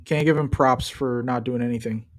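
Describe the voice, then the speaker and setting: A man's voice: mid-range voice, fairly even intonation, moderate pace. A young man chatting loosely and joking as he streams his reactions to a football match. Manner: loose, joking, trash-talking. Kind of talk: casual live-stream commentary.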